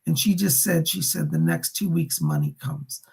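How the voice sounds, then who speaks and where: A man's voice: a little high, wildly swooping pitch, moderate pace, creaky, darkish tone, breathy edge. A man hosting a live stream of psychic readings, relaying spirit messages and thanking viewers for donations. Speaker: psychic medium on a livestream.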